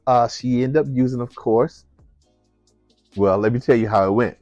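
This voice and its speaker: A man, a musician, telling a personal story in an animated way, acting out the voices of the people in it. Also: mid-range voice, normal speed, dry recording, muffled recording, faint music behind. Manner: animated, acts out voices, laughs while telling.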